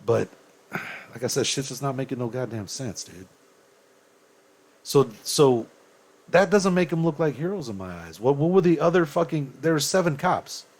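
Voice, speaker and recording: A man's voice: mid-range voice, very animated, normal speed, a little mellow. A young man, ranting angrily to his viewers with profanity and rhetorical questions. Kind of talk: heated opinion rant.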